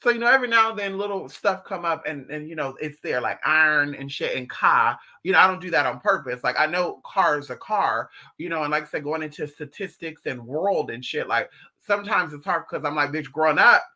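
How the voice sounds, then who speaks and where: A very bright, sharp-edged voice that swings widely in pitch, telling raw, profane stories to viewers on a live stream. This spiritual teacher keeps the chat casual and often slips into mocking impressions of the people in the stories. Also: lively intonation, brisk.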